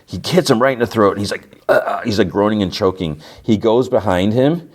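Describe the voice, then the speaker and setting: A man's voice: fairly low pitch, brisk. A man hosting a podcast, casually retelling a TV episode scene by scene, full of "like" and restarts. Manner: rambling, filler-heavy retelling with lots of "like". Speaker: podcast host.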